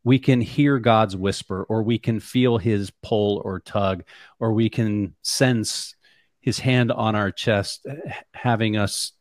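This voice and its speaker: A man hosting a podcast, reflecting in a measured way and asking thoughtful follow-up questions. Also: lowish voice, dry recording, studio quality. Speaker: podcast host. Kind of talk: interview conversation.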